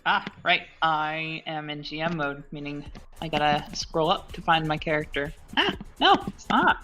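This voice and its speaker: A woman's voice: low-pitched, expressive, normal speed, pushed and bright, faint music behind. A woman player in a tabletop game, rambling and thinking aloud as she plays.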